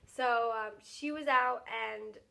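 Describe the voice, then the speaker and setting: A teenage girl vlogger excitedly recapping her day, talking fast and filling every pause with "like". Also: fairly high pitch, vocal fry. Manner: gushing, fast, filler-heavy with lots of "like".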